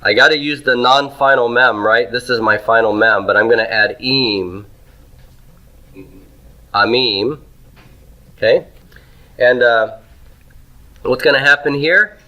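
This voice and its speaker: A man of medium pitch and sharp tone, speaking at normal speed, teaches Hebrew grammar on a low-quality recording. Writing on the board as he talks, he asks the class questions, answers them himself, and often adds "okay?" or "right?".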